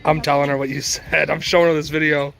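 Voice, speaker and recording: A man filming a family vlog with his phone outdoors, teasing his niece and exclaiming loudly. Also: on the high side, flat delivery, quick pace, vocal fry, faint music behind. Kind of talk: casual family vlog chat. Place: outdoors at a home driveway and backyard. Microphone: phone held while filming.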